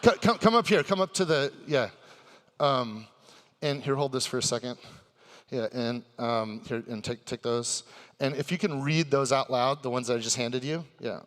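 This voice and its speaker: A man hosting a live convention stage show, excitable and hype-building, sometimes bursting into shouts to the audience. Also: medium pitch, normal speed, long reverb tail. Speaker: stage host.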